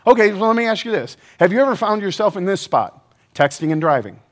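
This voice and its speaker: Male pastor with a high voice, energetic and playful, talks straight to the audience. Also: quick pace. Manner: energetic, joking, asks the audience questions. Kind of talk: sermon.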